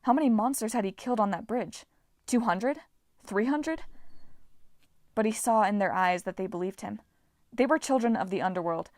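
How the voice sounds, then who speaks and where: A woman reading an audiobook aloud with a lively, expressive delivery. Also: medium pitch, normal speed, pauses often, dry recording, clean studio sound. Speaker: audiobook narrator. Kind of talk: audiobook narration.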